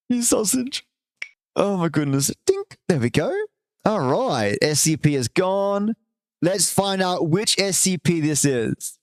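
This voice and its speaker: Chatty streamer man, slightly high voice. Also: expressive, unhurried, no echo. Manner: chatty, affectionate to viewers, swears casually. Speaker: livestream host. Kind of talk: casual live-stream chat and reading.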